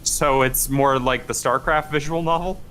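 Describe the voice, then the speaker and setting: A man's voice: mid-range voice, steady tone, normal speed, fairly bright tone, slight background noise. A man co-streaming a game, making jokey asides in casual chat.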